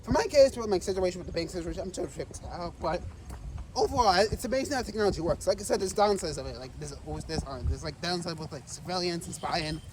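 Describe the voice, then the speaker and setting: A man vlogging while walking outdoors, rambling and repeating himself excitedly and a little out of breath. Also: high voice, fast talker, far from the mic. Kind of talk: casual walking vlog. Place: outdoors on city streets, walking. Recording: street noise behind the voice. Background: traffic and street noise.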